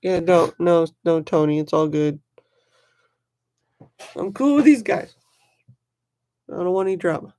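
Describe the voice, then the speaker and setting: A knife collector chatting casually on a livestream, excitable and rambling, talking to viewers in the chat by name. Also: medium pitch, takes it slowly, pauses often.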